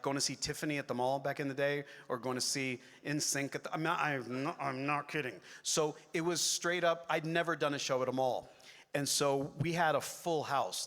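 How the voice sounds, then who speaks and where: A middle-aged man, a voice actor on a convention panel, telling rambling, excitable stories to the audience with many restarts and asides. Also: mid-range voice. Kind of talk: animated storytelling on a convention stage. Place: large convention hall. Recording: echoey hall with long reverb.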